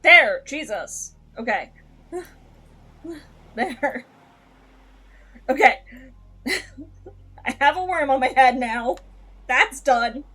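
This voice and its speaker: A woman streamer casually chatting through a game, animated, swearing often and laughing between lines. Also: sits high, drawn-out words, long pauses.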